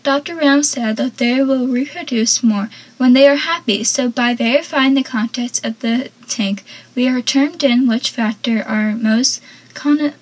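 Annoyed, studious teen girl read by a woman, slightly husky and high. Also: measured pace, rough recording.

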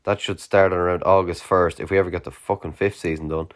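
A young Irish man with a very low, deep voice talks through a late-night solo podcast. He rambles loosely, with plenty of "like" and casual swearing. He sounds tired, with a yawn now and then. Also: steady tone, fast talker. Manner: rambling, sweary, filler-heavy. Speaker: podcast host.

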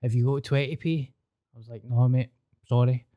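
A man's voice: medium pitch, steady tone, normal speed, muffled recording. A man with a Scottish accent, chatting casually and swearing as he tells personal anecdotes. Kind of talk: casual chat, storytelling.

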